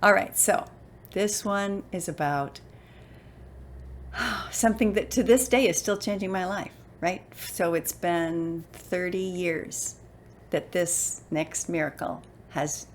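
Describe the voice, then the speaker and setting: A woman in her sixties telling a personal story in an animated, expressive way, acting out the voices she quotes. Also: fairly low pitch, unhurried, a little hiss or hum. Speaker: motivational speaker and voice actor.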